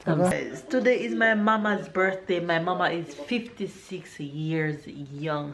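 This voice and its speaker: Unhurried Jamaican mom vlogging at home. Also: female voice, lowish voice, a little hiss or hum. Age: 30s. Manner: playful, sing-song quizzing of her kids. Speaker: family vlogger, mother. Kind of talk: casual home vlog narration. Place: home kitchen.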